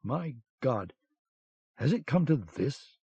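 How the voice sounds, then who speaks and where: A man's voice: mid-range voice, very animated, slow pace, dark tone, slightly rough, no echo, exaggerated voice. A man voicing a blustering German army lieutenant who barks commands, on a dull lo-fi cassette audiobook recording. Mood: scornful. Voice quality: barking, commanding.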